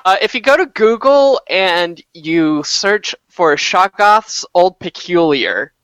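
A man's voice: high-pitched, very animated, slow, fairly bright tone, clean tone, dry recording. A man co-hosting a podcast, telling stories in wry, casual banter. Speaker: podcast co-host.

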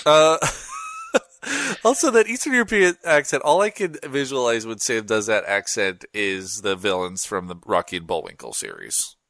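A young male podcast host talks in a loose, slangy, easygoing way, and his pitch swings widely as he goes. The sound is close and dry, with no room echo. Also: sing-song, moderate pace, gravelly, fairly bright tone. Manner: laid-back, slangy, drifting into tangents. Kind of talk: casual chat.

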